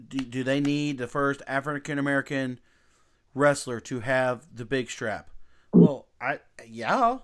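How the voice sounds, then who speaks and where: A man hosting a casual podcast chat, talking emphatically and bluntly with quick restarts. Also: a little high. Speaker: podcast host.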